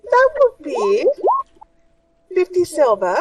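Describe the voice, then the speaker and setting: A pushy, fashion-mad shopkeeper woman, put on by a woman running a tabletop game, pitched high and gushing with wheedling sales talk. Her delivery swoops up and down, and the sound is dry and set back from the mic. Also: huge pitch swings, takes it slowly, a little mellow, no room sound, distant mic, heavily acted, rough recording.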